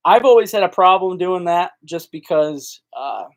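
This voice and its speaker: Folksy fishing host, slightly high voice. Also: male voice, lively intonation, moderate pace. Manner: folksy, rambling, answers chat comments. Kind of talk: casual live-stream chat.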